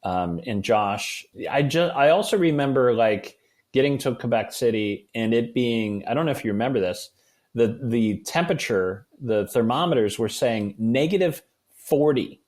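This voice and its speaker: A man guesting on a podcast, trading animated stories in an everyday conversational way. his voice sits at a typical middle pitch for a man, neither low nor high. he tells his anecdotes with energy. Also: normal speed. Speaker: guest author.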